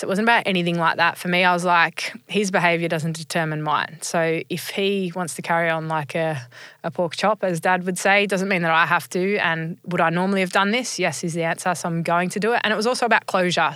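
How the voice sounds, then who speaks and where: A woman's voice: on the low side, bright, forceful tone, smooth, no echo. A woman in her thirties, earnestly and reflectively telling her personal story as an interview guest, with frequent ums. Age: 30s.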